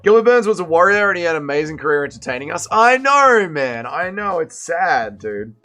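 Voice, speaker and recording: A young man hosting a casual livestream, reacting to a fight and reading chat, excitable and swearing, swinging between shouting and mumbling. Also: a little high, a little fast, soft background music.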